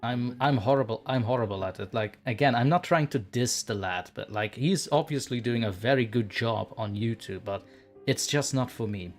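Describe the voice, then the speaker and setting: A man's voice: medium pitch, moderate pace, faint music behind. A man hosting a casual video chat, talking bluntly and laughing often. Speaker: podcast host.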